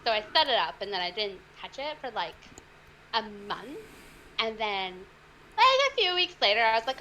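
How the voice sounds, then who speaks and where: Woman, high voice, lively swoops, bubbly, giggly, casual stream guest. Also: moderate pace, rough recording. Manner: bubbly and giggly, lots of "like" and "oh my God". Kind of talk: casual live-stream chat.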